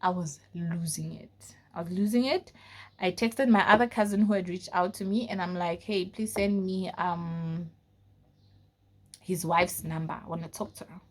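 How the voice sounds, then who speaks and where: A young woman from South Africa telling a personal story in a casual vlog, full of fillers and often dropping to a low, quiet voice. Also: steady tone, normal speed. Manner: casual, frequent fillers like "like" and "you know". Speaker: vlogger.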